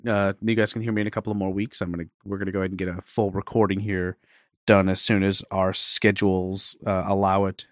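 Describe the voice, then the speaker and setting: Earnest man with a low voice, podcast host. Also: level tone, quick pace, no echo, studio quality. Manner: earnest, rambling with restarts. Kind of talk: casual podcast talk.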